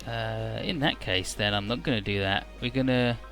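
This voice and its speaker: A man giving casual, rambling gameplay commentary in a low-key, mumbly way. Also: moderate pace, gravelly, fairly bright tone, faint music behind. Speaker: let's play host.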